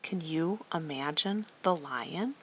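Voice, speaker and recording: A woman leading a guided story meditation for children, slow and soothing, often asking the listener questions. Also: low voice, animated, slight background noise. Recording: dull lo-fi recording.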